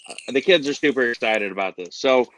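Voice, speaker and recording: A man's voice: medium pitch, lively intonation, fairly quick, rough recording. A man hosting a casual podcast chat, talking in a rambling, upbeat way. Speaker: podcast host.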